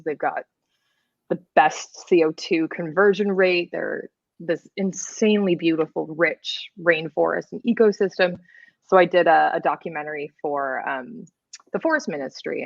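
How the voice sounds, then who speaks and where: A Canadian-born woman, a video editor, chatting casually as a podcast guest, explaining with lots of fillers and quick laughs. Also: low voice, gravelly, dry recording, dull audio.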